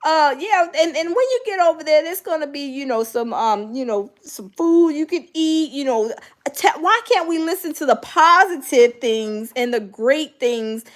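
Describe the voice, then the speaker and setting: A middle-aged woman, high-pitched and speaking at normal speed, hosts a casual live-viewer chat. She's animated, mimics other people's voices, and uses lots of fillers.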